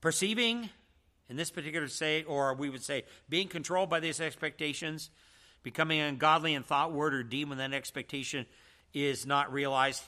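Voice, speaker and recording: A man's voice: a little high, normal speed, bright, forceful tone. A man teaching a church seminar in a preaching style, emphatic and full of rhetorical questions.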